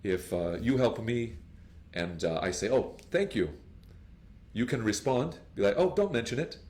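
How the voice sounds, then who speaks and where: Lively low-voiced male English teacher. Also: a little slow. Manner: animated, acts out phone dialogues with higher put-on voices. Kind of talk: lively classroom explanation with acted example dialogues.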